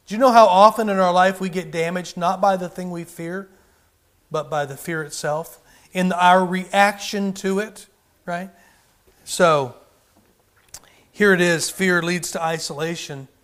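Man preaching, high voice, fervent, rising and falling volume, sermon delivery. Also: fairly bright tone. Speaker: pastor.

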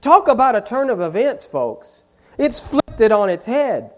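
Slow, emphatic preacher with lively pitch. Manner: emphatic, repeats key phrases with rising force. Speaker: pastor. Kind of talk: sermon.

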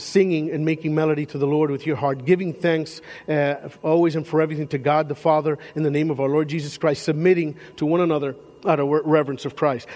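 High-voiced male pastor preaching in a hall. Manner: animated, conversational preaching with repeated restarts. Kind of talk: sermon. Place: church sanctuary.

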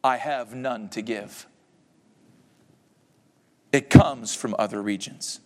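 A man's voice: medium pitch, slow pace, a little mellow, big-room sound, pitched below the performer's own voice, natural voice. Man reading as a mournful chained ghost. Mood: grave. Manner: solemn dramatic reading aloud.

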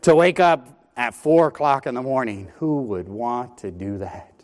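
A man preaching a sermon from a church pulpit. He tells a story with lively energy and often repeats words as he starts a phrase. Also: mid-range voice, a little slow. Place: church sanctuary.

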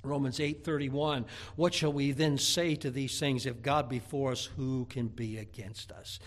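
With a mid-range, steady voice and a slightly slow pace, a male pastor delivers his sermon. Folksy and humorous, he shares homely stories and repeats words as he builds to rising, emphatic bursts.

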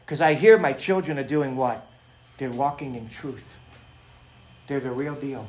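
A middle-aged male pastor preaching a sermon, animated and rising to shouts when he stresses a point. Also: medium pitch, normal speed, roomy sound. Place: church sanctuary.

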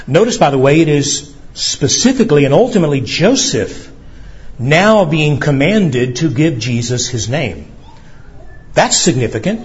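A man preaching a sermon as pastor, earnest and emphatic, slowing for weight and pressing questions on his listeners. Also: on the high side, lively intonation, muffled recording.

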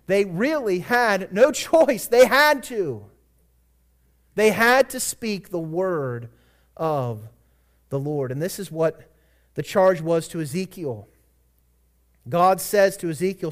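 A man preaching a sermon as a pastor, reading scripture passages aloud and stressing key words with earnest emphasis. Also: high voice.

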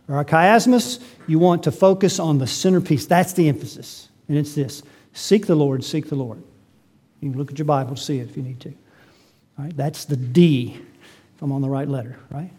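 High-voiced man preaching with animation. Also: slightly rough. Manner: animated preaching, swinging from loud emphasis to quiet asides. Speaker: pastor. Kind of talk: sermon.

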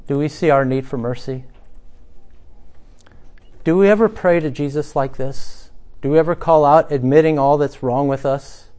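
A male pastor preaching a sermon who acts out the beggar's cries dramatically and drops to a soft hush when he reflects. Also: on the high side, moderate pace, long pauses, clean tone.

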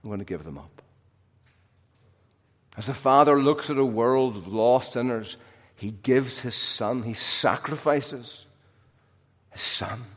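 A man's voice: medium pitch, slow pace, pauses often. Preacher man in a reverberant hall. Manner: dynamic, swings from loud emphasis to soft hushed drops. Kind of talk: sermon. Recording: long reverb of a large hall.

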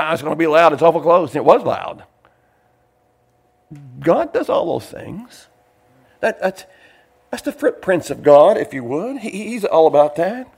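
High-voiced older man preaching. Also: very animated, takes it slowly, gravelly, long pauses, breathy edge. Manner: folksy, digressive, laughs while preaching. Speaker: pastor. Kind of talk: sermon.

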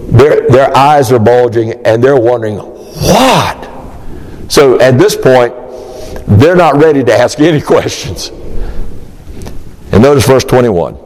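A man preaching an expository sermon, emphatic and animated, acting out the disciples' questions. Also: mid-range voice, long reverb tail, rough recording.

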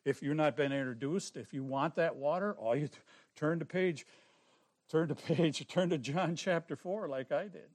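A man preaching a sermon, telling his own testimony in an earnest way that swings from soft, hushed passages to forceful ones. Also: fairly high pitch, normal speed.

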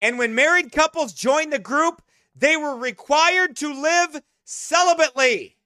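A scornful man preaching in an emphatic sermon-style commentary. His voice is very high and smooth, and his delivery is slow and deliberate. The voice is bright and forceful, in a dry room. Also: no echo. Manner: emphatic, scornful, bursts into shouts.

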